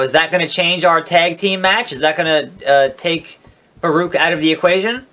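A man with a slightly high voice gives loose, casual gameplay commentary. He jokes constantly and swears freely. He gets excitable as the action turns. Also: normal speed. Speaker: let's play gamer.

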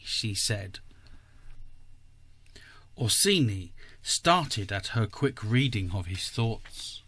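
A man, a podcast host, reading a story aloud in a measured, careful way. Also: on the low side, lively intonation, pushed and bright, breathy edge.

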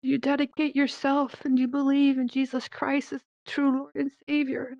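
A woman giving a personal faith testimony in an earnest, halting way, with many pauses and fillers, speaking into a VR headset microphone. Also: high-pitched, level tone, darkish tone, no room sound. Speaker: church member giving a testimony. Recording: dull, dry lo-fi headset audio.

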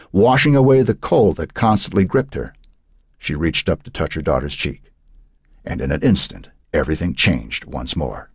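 A man narrating a horror novel in a measured, dramatic way. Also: low voice, breathy edge, dry recording, studio quality. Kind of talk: audiobook narration.

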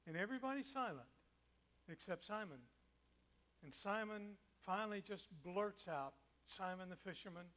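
A male preacher giving a dramatic sermon in a church sanctuary, swinging between loud declaiming and a soft hush. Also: high-pitched, animated, moderate pace.

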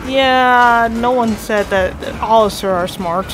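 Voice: mid-range voice, unhurried, background noise. A player chatting casually during a game, laughing often and teasing their partner, with game music behind. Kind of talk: casual gameplay chat.

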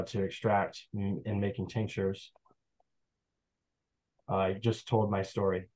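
A man's voice: lowish voice, darkish tone, rough recording. A young man from the Adirondacks, a forager giving a casual online presentation in a chatty, rambling storytelling way over a video call. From Adirondacks, New York.

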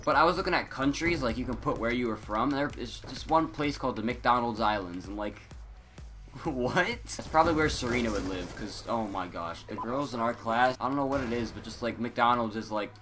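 A teenage boy rambling through casual gaming commentary, scattered and self-interrupting, excitable, on a headset mic. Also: mid-range voice, a little fast, soft background music. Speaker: gaming YouTuber.

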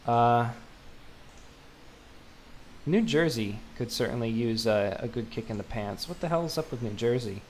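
A man's voice: mid-range voice, lively intonation, measured pace, long pauses, a little hiss or hum. A young man giving casual, rambling commentary as he plays a video game, mocking himself, with lots of fillers and restarts. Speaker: gaming video host. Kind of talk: casual let's-play commentary.

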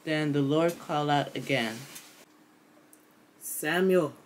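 A woman's voice: very deep voice, unhurried, a little hiss or hum. A woman narrating a Bible chapter as a storybook reading, carefully and aloud.

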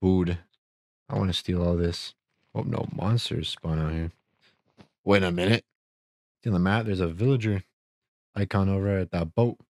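A young gaming YouTuber does goofy Minecraft let's-play commentary during a survival game, talking to himself with gasps and jokes and startling easily. His voice is low and dark, at normal speed with long pauses, and the recording has no echo.

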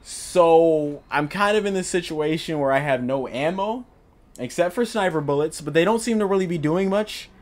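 A young man narrating his own gameplay, joking around and shouting when he gets startled. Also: a little high, normal speed. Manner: jokey, excitable, yells when startled. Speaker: gaming YouTuber. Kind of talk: let's play commentary.

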